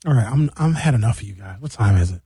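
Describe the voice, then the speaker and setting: Animated comic man in his fifties. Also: lowish voice, fast, breathy edge, no room sound, clean studio sound. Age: 50s. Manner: exasperated, animated, playful. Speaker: host reading viewer comments. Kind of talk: comedic rant.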